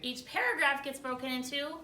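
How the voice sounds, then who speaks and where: A woman with a high, bright voice teaches a lively spelling lesson and keeps checking in with the class. She sounds distant from the mic in an echoey classroom. There is a faint hum of room noise behind her. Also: fairly quick. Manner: energetic, checks in often with questions.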